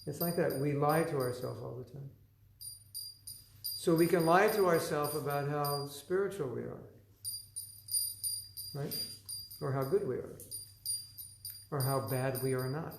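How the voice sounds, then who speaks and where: In a lecture room, a spiritual teacher reads from his own book in a conversational class, acting out the voices people hear in their heads and laughing often. His fairly high voice is unhurried with vocal fry and long pauses, heard over music in a reverberant, rough recording.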